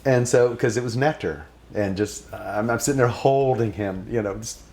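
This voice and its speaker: Low-voiced man telling a personal story. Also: normal speed. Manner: animated, laughing, acts out voices when excited; soft, hushed and reflective. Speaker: devotee recounting a story.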